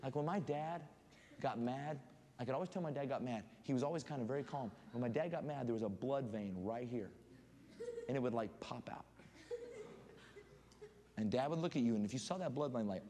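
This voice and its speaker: A man preaching as a guest pastor in a church, reading scripture aloud and telling animated stories. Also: mid-range voice, fairly quick, long pauses. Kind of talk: sermon. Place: church sanctuary. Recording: long hall reverb, faint room noise.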